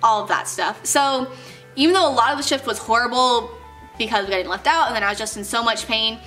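A woman's voice: fairly high pitch, brisk, sharp tone, faint music behind. A young woman telling work stories to her camera in a chatty, casual way, full of "like" and acted-out quotes. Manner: chatty, many "like"s, acts out quoted voices. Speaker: vlogger.

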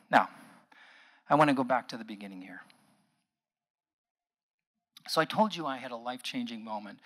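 A middle-aged man, a psychologist, giving an earnest public lecture that moves between quiet asides and emphatic passages. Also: medium pitch. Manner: earnest, shifting from soft asides to emphatic outbursts.

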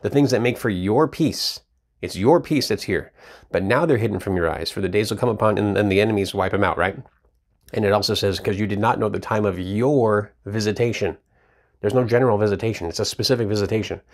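A man's voice: lowish voice, fast. A man teaching from the Bible in a casual, emphatic way, often repeating words as he reads and explains verses. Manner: emphatic, repeats words while reading scripture.

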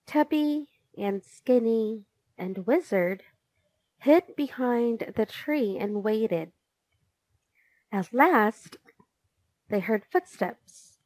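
A woman reads a children's storybook aloud, very slowly and expressively. Her pitch swings lively through each line. The recording is dry and close. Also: dry recording. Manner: slow, expressive. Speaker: narrator. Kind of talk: storybook reading.

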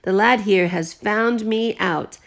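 Booming old sea captain in a storybook read-aloud, voiced by a woman, bold and jolly. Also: takes it slowly. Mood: hearty. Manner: booming, hearty.

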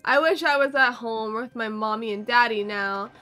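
A woman's voice: fairly high pitch, normal speed, sharp tone, faint music behind, voice pushed down. A woman reading an earnest ten-year-old girl. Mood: confused. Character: frightened ten-year-old girl searching for her cat.

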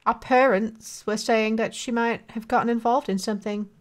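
A woman hosting a let's play, reading game dialogue aloud with crude joking asides and quick mock character voices. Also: on the high side, steady tone. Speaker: gaming video host.

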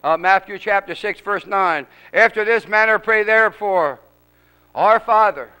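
A man's voice: high voice, measured pace, bright, forceful tone, clear, resonant tone, rough recording. A male preacher leading a congregation in prayer in an auditorium, fervent, with rhythmic, repeated calls.

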